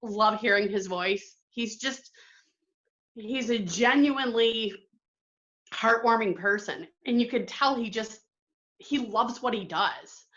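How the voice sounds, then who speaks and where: A woman from Michigan calls in and tells her story in an excited, halting way, often stopping to restart her sentences. Her voice is bright and sits a little high. The audio is dull and lo-fi. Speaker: caller sharing a memory. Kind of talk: casual storytelling.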